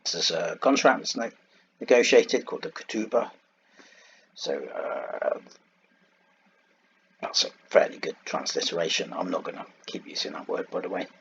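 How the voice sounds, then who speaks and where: A deep-voiced man teaching a Bible lesson in a loose, informal way, walking through his slides. He drifts into side points and stops to search aloud for the right word. The sound is a little dull and muffled, with a faint hiss underneath. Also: very animated, normal speed, creaky, long pauses. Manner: digressive, thinks aloud and searches for words. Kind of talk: informal lecture over slides.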